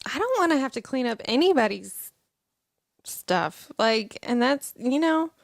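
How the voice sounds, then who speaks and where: A woman's voice: sits high, big pitch swings, a little slow, vocal fry, dry recording, studio quality. A woman co-hosting a morning talk show, chatting playfully with sarcastic quips and frequent laughter. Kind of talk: casual chat.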